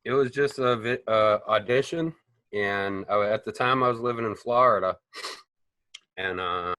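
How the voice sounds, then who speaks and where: Man, lowish bright voice, dry sound, animated swearing storyteller. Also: normal speed, no echo. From Boston, United States. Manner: animated, profane, rambling storyteller. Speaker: actor guest. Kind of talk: casual interview storytelling.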